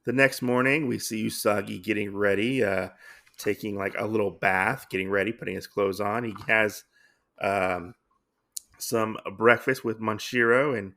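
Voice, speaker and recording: A man hosting a podcast, recapping a comic book in a halting, rambling way full of fillers and self-corrections. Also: lowish voice, fairly even intonation, pushed and bright. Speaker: podcast host.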